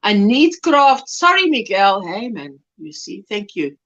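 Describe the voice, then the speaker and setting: A woman's voice: mid-range voice, very animated, a little slow, a bit bright. A woman hosting a casual livestream, chatting and reading out viewer comments with affection. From South Africa. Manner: reads chat comments aloud, chatty and affectionate. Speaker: livestream host. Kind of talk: casual chat. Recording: dull lo-fi stream audio.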